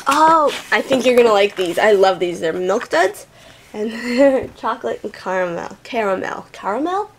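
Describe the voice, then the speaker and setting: Giggly, high-squealing young woman unboxing. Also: lively intonation, normal speed, a little hiss or hum. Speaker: toy channel host. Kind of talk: excited unboxing chat.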